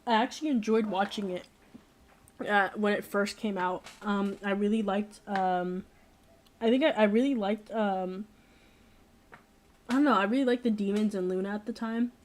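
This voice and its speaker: A woman's voice: mid-range voice, normal speed, pauses often. Rambling, opinionated young woman. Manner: rambling, frequent fillers and restarts; opinionated, blunt. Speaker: streamer. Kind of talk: casual chat.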